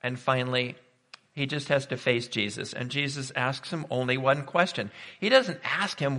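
A man's voice: medium pitch, moderate pace, sharp tone. A man preaching a sermon, emphatic and full of rhetorical questions. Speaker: pastor. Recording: reverberant hall.

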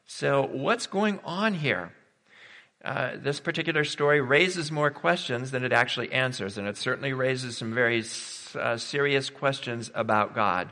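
A man's voice: medium pitch, moderate pace, sharp tone, big-room sound. A man preaching a sermon in a conversational way, thinking aloud and posing rhetorical questions.

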